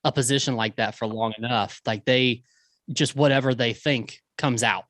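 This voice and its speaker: A man's voice: mid-range voice, steady tone, moderate pace, fairly bright tone, no room sound. Easygoing podcast co-host, a man. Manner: easygoing, hesitant reasoning. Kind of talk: casual chat.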